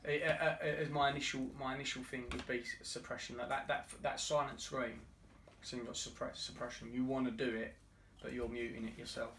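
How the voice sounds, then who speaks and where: A man's voice: mid-range voice, little pitch movement, a little fast, fairly bright tone, distant mic, slight background noise. A man co-hosting a podcast, talking earnestly in casual chat and often restarting his words. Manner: earnest, many restarts and stammers. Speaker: podcast co-host. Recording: roomy, off-mic.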